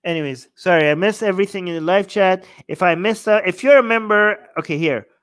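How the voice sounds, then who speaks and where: A man hosting a livestream, talking in a casual, animated, rambling way, swearing freely and firing off rhetorical questions. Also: high-pitched, fairly quick, clean tone. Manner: heavy use of rhetorical questions. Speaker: livestream host.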